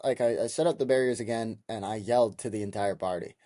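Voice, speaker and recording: Talking quickly in a fairly low voice, this young podcast host in his twenties animatedly retells a profane, heated story as a casual monologue. The audio is studio quality, with no room sound.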